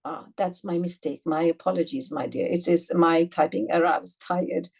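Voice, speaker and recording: A woman teaching an online recitation class. She explains patiently, asks her students questions and says sounds slowly, several times over. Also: on the low side, steady tone, gravelly, a little mellow, husky. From United Kingdom. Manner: patient, demonstrates sounds slowly and repeats them; addresses students directly with questions. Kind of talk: online tajweed lesson.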